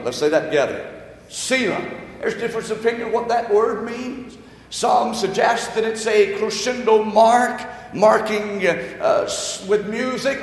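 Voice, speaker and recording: Male pastor, sermon, call-and-response, shouting peaks, high voice, echoey church hall. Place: church sanctuary.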